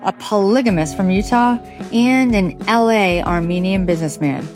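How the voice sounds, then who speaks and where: A woman presenting a promo for her podcast. She reads the script earnestly, with some drama. Clear music runs under her voice. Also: mid-range voice, moderate pace, a little mellow. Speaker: podcast host.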